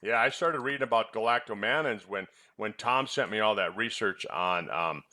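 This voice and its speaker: A man with a lowish, bright, forceful voice talks casually about supplements. He rambles and restarts, and he keeps quizzing and teasing his co-host. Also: animated, moderate pace. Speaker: health products presenter, former clinician.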